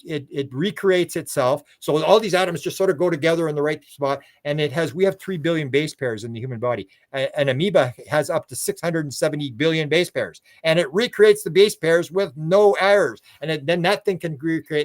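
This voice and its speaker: An older man, a guest in a casual interview, telling long rambling stories and acting out quoted dialogue, with frequent restarts and fillers. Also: a little high.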